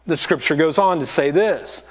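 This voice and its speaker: A man's voice: fairly high pitch, moderate pace. A man, a lead pastor, preaching a sermon in a church auditorium and acting out the voices in his stories. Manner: storytelling, acting out quoted voices.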